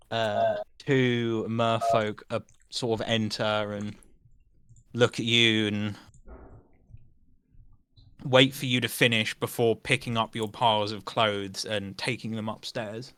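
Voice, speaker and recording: A man's voice: fairly low pitch, sharp tone, clean tone, dry recording. A man narrating as game master in a tabletop game, loose and filler-laden.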